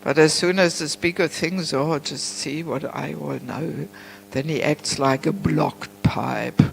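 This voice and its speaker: A woman giving a class on scripture at a temple, chatty and warm in tone, often saying "you know" and breaking into laughs. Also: very deep voice, vocal fry, poor audio. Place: temple hall.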